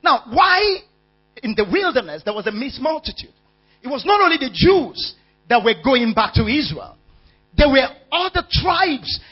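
A man preaching a sermon, calling out questions to the congregation and shouting key words. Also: extremely high pitch, big pitch swings, normal speed, husky, faint music behind. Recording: dull lo-fi sound with mains hum.

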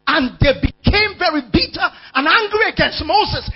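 A man preaching a sermon, calling out questions to the congregation and shouting key words. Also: very high-pitched, lively intonation, moderate pace. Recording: dull lo-fi sound with mains hum.

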